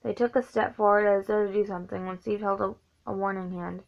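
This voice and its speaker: A woman's voice: medium pitch, steady tone, brisk, vocal fry, highs cut off. A woman reading a novelization aloud, often stumbling and correcting herself. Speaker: reader of a book.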